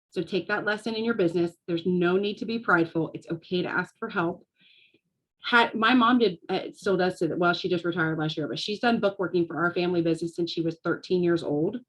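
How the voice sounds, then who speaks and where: A woman, talking casually to a live audience as a business coach and telling lively stories with frequent laughter. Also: medium pitch, poor audio. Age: 40s. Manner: storytelling, animated, laughs often.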